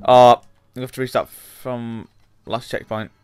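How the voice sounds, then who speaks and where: A man's voice: medium pitch, little pitch movement, a little slow, smooth, dry recording. A young British man giving let's-play commentary, chatty and talking back to the game characters. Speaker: gamer.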